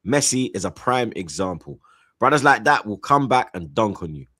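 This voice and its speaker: A man chatting casually on a football stream, rambling through shout-outs with slang and repeated "you get me". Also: on the low side, very animated, moderate pace, husky, no echo, studio quality. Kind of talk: casual chat, reading out super chats.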